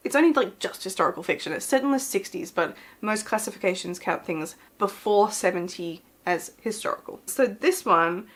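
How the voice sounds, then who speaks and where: A young woman talks through her book plans in a casual, excitable ramble. She piles on fillers and stops to correct herself mid-sentence, bubbling with enthusiasm as she goes. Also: mid-range voice, normal speed, few pauses. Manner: chatty and excitable, with frequent fillers and self-corrections. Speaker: book vlogger. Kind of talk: casual book chat to camera.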